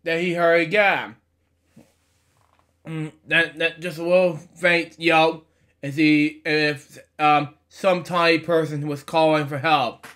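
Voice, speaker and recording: A man with a fairly high voice reads a children's book aloud at an unhurried pace. He stumbles, fills gaps with fillers and corrects himself, then breaks off for casual asides before moving on to the next page. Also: flat delivery, fairly bright tone. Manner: stumbling reader, frequent fillers and self-corrections; chatty asides between pages. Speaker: storybook reader. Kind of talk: halting picture-book read-aloud.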